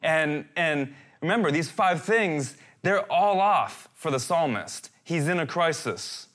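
A man's voice: fairly high pitch, slow. A man in his thirties preaching a sermon as a pastor, earnest and given to repeating his phrases. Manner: earnest, repeats phrases, animated when quoting.

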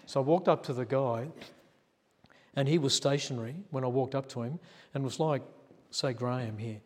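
The recording, full of long church reverb, captures a male pastor with a mid-range voice at normal speed. He's telling a sermon story in a chatty way, acting out quotes and chuckling at himself.

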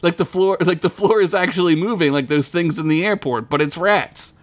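A man's voice: on the high side, fairly quick, noisy background. A man hosting a podcast, reading his own comedic story aloud in a crude, rambling way and laughing at his own jokes.

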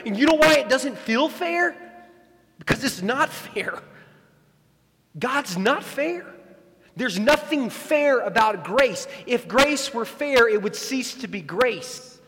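Male pastor, high voice, animated sermon delivery, repeats key lines, long reverb. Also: normal speed, slight background noise.

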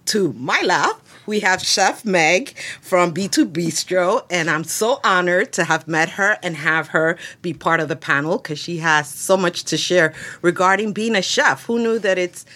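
Chatty woman podcast host, low voice. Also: a little slow, few pauses, pushed and bright. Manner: enthusiastic, chatty, laughs easily. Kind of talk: podcast interview conversation. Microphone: headset mic.

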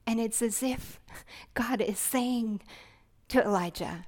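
A woman preaching a sermon, gentle, earnest and reflective, with soft hushed passages. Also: a little high, slow, pauses often.

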